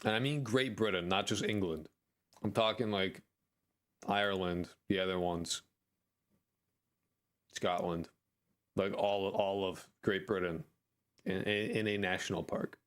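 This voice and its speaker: A man's voice: sits low, measured pace, long pauses. An American man chatting on a live stream, rambling and jokey, with crude language. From United States. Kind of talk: casual live-stream chat.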